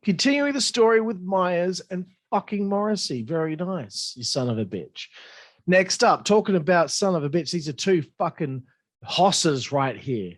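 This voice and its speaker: A man giving a blunt, profanity-heavy solo review of a wrestling show, excitable and opinionated. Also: sits high, normal speed, dry recording. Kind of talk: casual solo review monologue.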